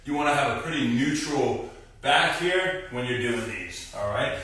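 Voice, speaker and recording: A man's voice: mid-range voice, animated, normal speed, sharp tone, far from the mic. A young man hosting a casual exercise demonstration as a physical therapist, who coaches viewers through core moves and talks to them directly. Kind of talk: live-stream exercise demonstration. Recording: very echoey room, voice off-mic at times.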